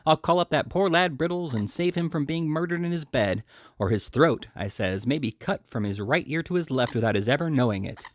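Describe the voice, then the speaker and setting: A man's voice: on the high side, lively intonation, brisk, no room sound, clean studio sound, pitched above the performer's own voice, lightly acted. A man reading as a pompous boastful butler. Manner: boastful, dramatic storytelling. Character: pompous middle-aged male butler. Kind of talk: audiobook reading.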